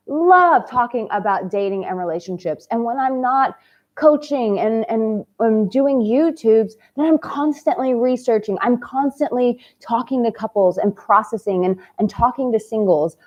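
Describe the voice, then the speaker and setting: A woman's voice: a little high, lively intonation, moderate pace, a little mellow, highs cut off. A woman who coaches men on dating, giving advice straight to her viewers in a passionate, candid and cheeky way, with the odd casual swear. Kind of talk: direct-to-camera advice vlog.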